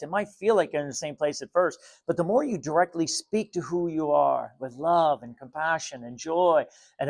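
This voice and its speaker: A man giving a spiritual talk to viewers, calm, repetitive and gently insistent. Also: fairly high pitch, vocal fry. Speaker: spiritual teacher.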